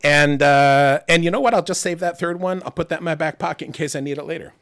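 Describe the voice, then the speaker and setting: A middle-aged man hosts a casual streamed interview, speaking close into a studio mic. He rambles, makes fun of himself and swears easily, in a voice a touch higher than most men's. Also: fast, background noise. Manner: rambling, self-deprecating, swears freely, laughs often. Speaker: host. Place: home streaming setup.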